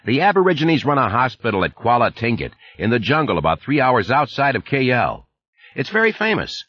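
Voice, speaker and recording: A man voicing a groggy, gravelly middle-aged male factory manager who keeps coughing, in an audiobook reading. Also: mid-range voice, huge pitch swings, fairly quick, fairly bright tone, no room sound, dull audio, voice pushed up, heavily acted. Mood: weary puzzled.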